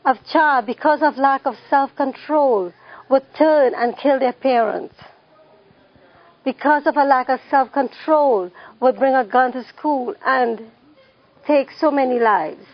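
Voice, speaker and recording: Woman instructor, high and gravelly voice, repeats key points, dull lo-fi recording. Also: a little slow. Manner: repeats key phrases, emphatic. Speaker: parenting class instructor. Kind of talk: classroom teaching with questions to the audience.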